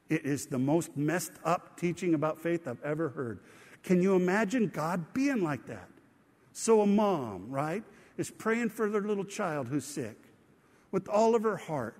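In a church sanctuary, a pastor with a voice on the high side preaches conversationally, posing questions to the congregation. The room leaves a long reverb tail.

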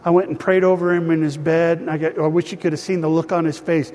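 A man's voice: on the high side, little pitch movement, quick pace, a little mellow, soft background music. A man preaching and praying as pastor, earnest and still emotional, speaking of grief and peace. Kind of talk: sermon with prayer. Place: church hall. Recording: long hall reverb.

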